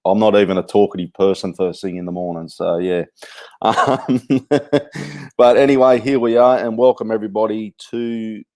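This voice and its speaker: A man hosts a casual podcast in a fairly low voice. He chats loosely, laughs often and swears freely. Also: normal speed, a little mellow. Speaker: podcast host. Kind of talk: casual chat.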